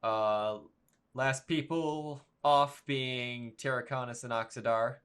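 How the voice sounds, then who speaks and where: Give me a slow-talking man narrating a tabletop game, full of pauses and ums. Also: mid-range voice, steady tone, fairly bright tone, clean tone. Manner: halting, full of fillers. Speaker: game master.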